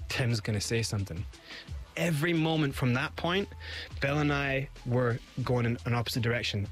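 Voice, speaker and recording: Man, interview guest, lively storytelling, acts out quotes, faint music underneath. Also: medium pitch. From Scotland. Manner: animated, acts out quoted voices.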